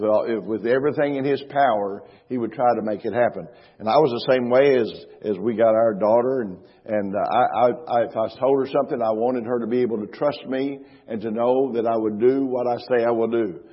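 A middle-aged man preaching a sermon as pastor, emphatic, slowing down to stress scripture and repeating phrases. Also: mid-range voice, breathy edge. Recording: reverberant hall, dull lo-fi sound.

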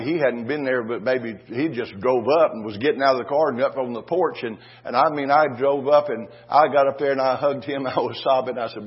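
A man's voice: mid-range voice, husky, lo-fi sound. An older man preaching a sermon to a congregation in a folksy way, telling stories and often asking "Amen?". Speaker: pastor.

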